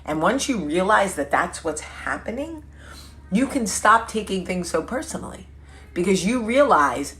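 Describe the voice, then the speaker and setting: A woman hosting a casual vlog chat, telling stories with quick asides and self-corrections. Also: mid-range voice. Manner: chatty storytelling with quick asides; lively, laughing, self-correcting. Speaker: vlog host.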